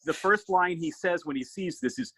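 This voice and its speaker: A man hosting a podcast, riffing on a movie in an animated, swearing, casual chat. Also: high voice, normal speed, slightly rough, dry recording, rough recording. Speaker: podcast host.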